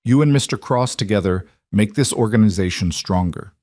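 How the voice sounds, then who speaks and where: A man's voice: fairly low pitch, animated, normal speed, a little mellow, dry recording, studio quality, natural voice. A man voicing a calculating woman crime ally with a Russian accent, speaking formally.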